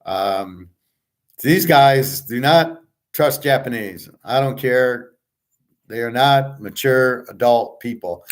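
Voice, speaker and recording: A man's voice: medium pitch, takes it slowly. A man from the United States hosting a casual monologue, blunt and profane as he rants. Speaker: podcast host.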